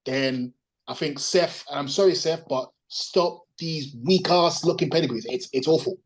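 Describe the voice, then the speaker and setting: Opinionated man, higher voice, rambling. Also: moderate pace, low-quality recording. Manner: opinionated, rambling, searches for words. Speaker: podcast co-host. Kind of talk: casual wrestling opinion chat. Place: resting at home.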